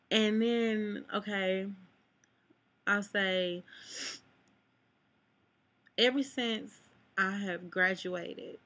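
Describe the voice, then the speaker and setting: A woman's voice: mid-range voice, steady tone, drawn-out words, long pauses, fairly bright tone. A young woman talking to her camera in a personal vlog, rambling and full of "like", close to tears at times. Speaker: vlogger. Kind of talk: emotional personal vlog talk. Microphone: camera mic.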